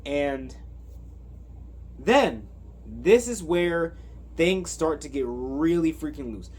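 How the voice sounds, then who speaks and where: Male reviewer, unhurried, rambling and filler-heavy, slightly high voice. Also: animated, darkish tone, husky. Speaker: movie reviewer. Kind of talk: casual movie recap.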